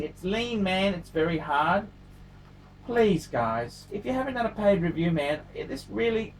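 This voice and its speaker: Speaking in a high, slightly bright voice, a man runs his own watch-review vlog in an unscripted, casual monologue. He's emphatic and repeats himself often, mixing crude jokes with pleading asides.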